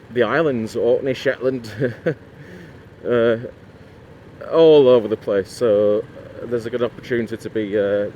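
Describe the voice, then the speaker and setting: A man's voice: mid-range voice, a little mellow, dull audio, slight background noise. A man chatting casually to camera for his motorcycle vlog, rambling with lots of asides and fillers. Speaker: motorcycle vlogger.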